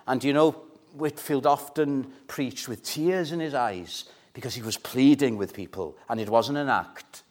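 Earnest and measured, a mid-range-voiced man delivers a church sermon, putting questions to the congregation to press each point.

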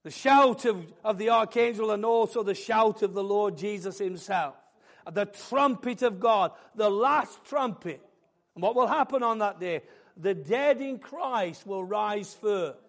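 A man preaching a sermon, building fervently into loud, emphatic declarations. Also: high-pitched, measured pace, vocal fry.

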